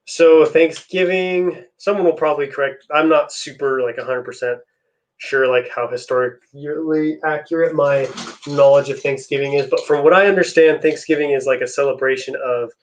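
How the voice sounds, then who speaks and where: A man's voice: a little high, normal speed. A young man hosting a live stream, chatting casually with viewers while he builds. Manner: relaxed, chatty, answers chat messages.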